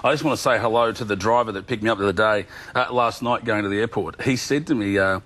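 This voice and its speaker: A man's voice: fairly low pitch, quick pace, hardly any pauses, fairly bright tone. An Australian man, a guest on a TV studio interview, joking and telling self-mocking stories. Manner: playful, self-mocking storyteller. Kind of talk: jokey live TV interview.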